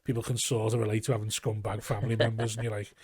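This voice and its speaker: A man's voice: fairly low pitch, little pitch movement, rapid-fire, a little mellow, breathy edge, no room sound. Scouse man telling rambling stories. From Liverpool, England. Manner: rambling anecdotal storytelling, acting out quotes, frequent swearing. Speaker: comedian guest. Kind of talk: casual podcast chat. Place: garage.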